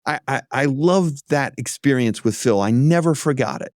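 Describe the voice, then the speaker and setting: A man, an auto executive, is a guest on an interview show, telling lively stories and acting out other people's voices. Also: mid-range voice, moderate pace, no room sound, clean studio sound. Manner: lively anecdote-teller who acts out other voices. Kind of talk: casual interview storytelling.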